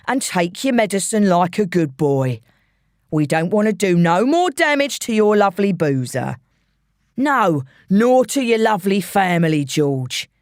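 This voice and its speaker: Lady putting on a creepy london thug guy, slow mocking drawl, threatening, dry sound. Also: medium pitch, a little mellow, no echo. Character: menacing male London gangster, taunting and cruel.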